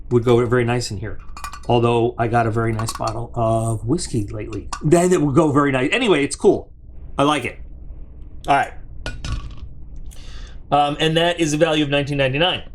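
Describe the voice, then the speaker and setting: This channel host and product reviewer, with a middling-pitched voice, addresses his viewers head-on during a relaxed unboxing. He chats and rambles, circles back on his own words, and wanders into asides before getting back to the product he's holding.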